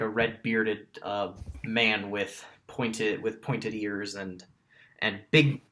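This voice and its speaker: Brief: male game master, slow, halting narration, mid pitch. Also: a bit bright. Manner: halting, many restarts and ums. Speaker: dungeon master.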